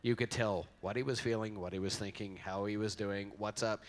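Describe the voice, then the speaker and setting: A middle-aged man delivers an informal eulogy into a handheld mic in a convention hall. His fairly low voice stays even in intonation and moves briskly with few pauses as he rambles, jokes, and acts out quotes in his stories.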